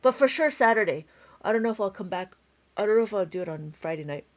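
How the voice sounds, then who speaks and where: A woman's voice: medium pitch, animated, quick pace. A tired woman with a school-age child, teaching an abacus math lesson on a live stream, chatty and laughing often as she counts steps aloud. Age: adult with a school-age child. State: tired, yawning.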